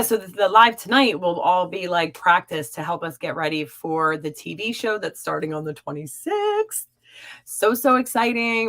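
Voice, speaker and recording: A young adult woman hosting a live stream as a psychic reader, chatting warmly and encouragingly with viewers. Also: mid-range voice. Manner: warm, encouraging and upbeat. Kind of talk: live-stream chat reading viewer comments.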